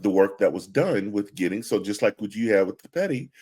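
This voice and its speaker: A man with a fairly low voice co-hosts a podcast in casual conversation. He asks questions and talks things through with frequent restarts and hesitations. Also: animated, a little fast, darkish tone, slightly rough. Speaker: podcast co-host. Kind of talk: casual chat.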